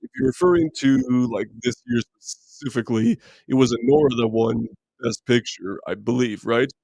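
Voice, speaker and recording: Through a streaming mic that sounds dry and close without room echo, a man with a naturally deep, mid-pitched voice chats on a live movie stream. Gravelly with a breathy edge, he replies to viewers at a moderate pace, rambling casually with many fillers and restarts.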